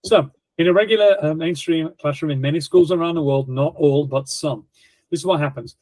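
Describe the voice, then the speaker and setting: A middle-aged man speaking as an education guest, telling classroom stories in a lively way and acting out scenes. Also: a little high, no room sound, low-quality recording. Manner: lively, acts out classroom scenes in quoted voices. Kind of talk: animated storytelling explanation.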